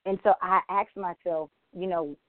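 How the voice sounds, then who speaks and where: On a church women's panel, a woman candidly recounts stories about anger, animatedly acting out her own quoted lines and asides. Her lowish voice moves at a moderate pace over tinny, dry phone-line audio.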